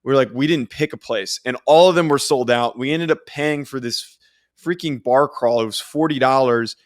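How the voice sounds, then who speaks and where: Speaking at normal speed in a mid-range voice, a young man co-hosting a sports podcast tells stories casually. He rambles, pokes fun at himself and restarts many times.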